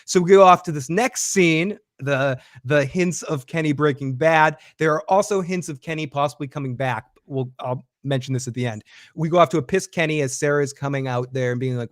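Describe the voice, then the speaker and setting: A man's voice: medium pitch, moderate pace, few pauses, fairly bright tone, no echo, clean studio sound. A man hosting a fan show, recapping an episode in a chatty way and acting out the characters' lines.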